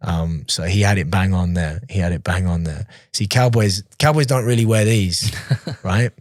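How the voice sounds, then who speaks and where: A man talking as a podcast guest, telling casual stories, chatty and quick to laugh, often restarting his sentences. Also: low voice, dry recording, clean studio sound. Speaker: podcast guest, professional fighter. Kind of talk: casual storytelling in an interview.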